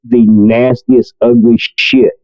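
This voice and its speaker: A man's voice: medium pitch, level tone, takes it slowly, no room sound, dull audio. A man co-hosting a podcast in casual chat, blunt and profane, often poking fun at himself. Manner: blunt, profane, self-deprecating. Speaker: podcast co-host.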